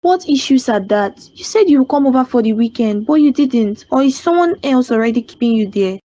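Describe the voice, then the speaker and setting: A woman's voice: high voice, animated, fairly quick, warm tone, dull audio. A woman voicing a suspicious girlfriend in a cartoon, speaking demandingly.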